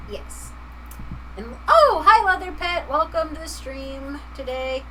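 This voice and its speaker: A woman's voice: high-pitched, expressive, measured pace, pushed and bright, distant mic, a little hiss or hum, poor audio. Chatty woman streaming while crafting. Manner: chatty, laughs often, reads chat aloud. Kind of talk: casual live-stream chat.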